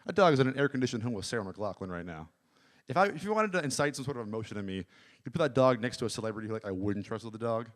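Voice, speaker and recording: A man performing a stand-up comedy set at an open mic, rambling with deadpan asides. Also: mid-range voice, racing. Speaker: stand-up comic. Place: small comedy venue.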